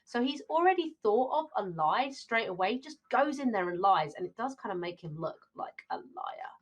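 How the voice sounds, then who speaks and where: A woman's voice: fairly high pitch, very animated, normal speed. Chatty British woman teaching English. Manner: alternates reading play lines with explanation; chatty, addresses viewers directly. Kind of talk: exam revision lesson.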